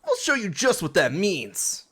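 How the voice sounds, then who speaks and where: A man's voice: high-pitched, huge pitch swings, unhurried, sharp tone, husky, pitched above the performer's own voice, heavily acted. Hop, a man doing an eager British teen boy. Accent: put-on British. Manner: cheery, boastful. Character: eager teenage boy rival trainer, boastful.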